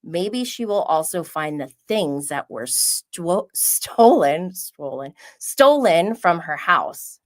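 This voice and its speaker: A woman's voice: on the low side, sing-song, slow, hardly any pauses. A woman hosting a casual solo recap, chatty and giggly, full of "like" and asides. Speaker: podcast host recapping reality TV.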